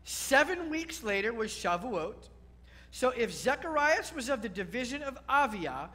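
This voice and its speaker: A man's voice: very high voice, sharp tone. A man speaking as a rabbi giving a sermon, explaining step by step and often checking in with his listeners. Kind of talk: sermon teaching.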